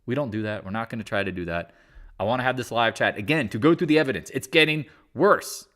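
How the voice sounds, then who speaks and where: A man's voice: medium pitch, fast, a bit bright. A man hosting a casual live market chat, talking in a blunt, rambling and exasperated way. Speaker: market commentary host.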